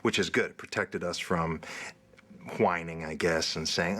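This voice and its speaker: A man in a documentary interview, with a low voice and a bright, forceful edge to it. He tells his stories wryly and jokes as he goes. His tone is relaxed and conversational. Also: a little slow. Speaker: actor.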